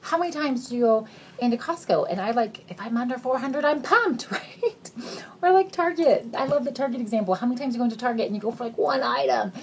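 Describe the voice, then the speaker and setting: A woman in her thirties giving an emotional recruitment pitch, earnest and gushing, near tears at times, swinging between excited highs and hushed near-whispers. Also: fast talker, slight background noise. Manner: earnest and gushing, says "you guys" a lot, voice rising and dropping to near whispers. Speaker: sales recruiter.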